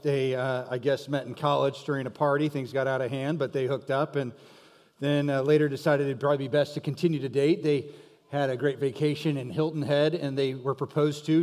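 A man's voice: fairly high pitch, a little mellow. A man preaching a sermon in a conversational, joking storytelling manner. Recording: reverberant hall.

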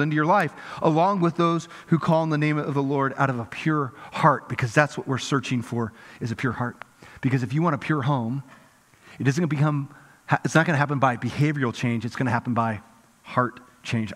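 A middle-aged male pastor preaching a sermon, swinging from lively emphasis to hushed intensity. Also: on the high side. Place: large church hall. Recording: reverberant church hall.

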